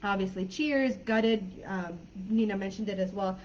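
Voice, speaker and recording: A woman teaching English in a live online class, friendly and chatty, laughing often and filling pauses while she thinks. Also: medium pitch, darkish tone, slight background noise. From California. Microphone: video call. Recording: dull lo-fi video call audio.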